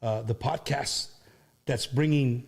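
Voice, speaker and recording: Excitable man hosting a casual interview. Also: medium pitch, slow, breathy edge. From Texas. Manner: excitable, slangy, mixes in Spanish phrases. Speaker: podcast host.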